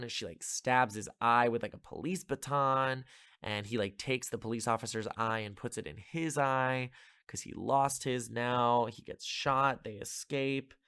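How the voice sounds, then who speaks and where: A man's voice: medium pitch, a little slow, sharp tone, clear, resonant tone, dry recording. A man hosting a podcast, casually recapping a movie plot in a rambling, filler-heavy way with sarcastic asides. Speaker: podcast host.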